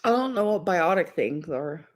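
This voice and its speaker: A woman's voice: on the low side, lively intonation, normal speed. A young woman chatting casually on a livestream, rambling and giggling, full of "like" and "um".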